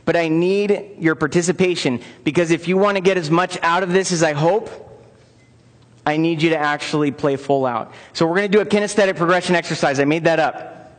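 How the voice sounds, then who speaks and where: Guy with a fairly high voice leading a trainer conference session, pumping up the crowd, big hall echo. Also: a little fast. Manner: upbeat, coaxes the audience into joining in. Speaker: conference presenter for personal trainers. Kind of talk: interactive conference lecture. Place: large conference room. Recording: long reverb of a conference hall.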